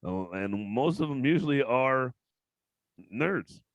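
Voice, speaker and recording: A man hosting a podcast interview, blunt and outspoken, swearing often and breaking into loud outbursts. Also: mid-range voice, lively intonation, takes it slowly, no echo, lo-fi sound. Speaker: podcast host. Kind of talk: casual interview chat.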